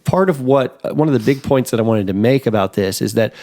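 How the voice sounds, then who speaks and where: A man co-hosting a podcast in a casual chat, rambling through thoughts with lots of fillers and restarts and jumping up in pitch when he gets excited. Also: fairly quick. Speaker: podcast co-host.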